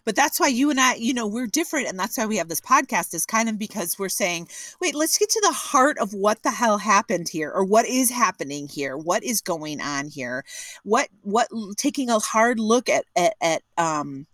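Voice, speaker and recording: A woman co-hosting a podcast in casual conversation, telling stories in an animated, emphatic and frank way. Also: mid-range voice, normal speed, dry recording. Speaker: podcast co-host.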